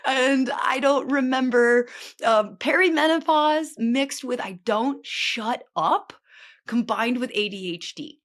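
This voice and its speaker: A woman's voice: on the high side, animated, moderate pace, a bit bright. A woman in her late thirties hosting a podcast, talking in a rambling, chatty way full of filler words. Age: late 30s. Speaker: podcast host. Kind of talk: casual chatty monologue.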